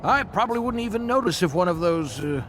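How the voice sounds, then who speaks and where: Game: a fussy vault keeper, pompous, hints sideways, lively delivery. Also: male voice, high voice, fast talker, a little hiss or hum. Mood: sly. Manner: pompous, evasive, hinting slyly. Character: fussy middle-aged male brain-vault guardian.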